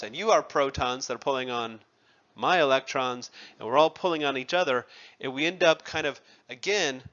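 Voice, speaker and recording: A male chemistry teacher lecturing his class in a loose, conversational way, tossing questions to students and making wry jokes at his own expense. His voice is bright and forceful, sitting at an ordinary pitch, and the recording is somewhat dull and lo-fi. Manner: conversational, asks students questions, self-deprecating asides.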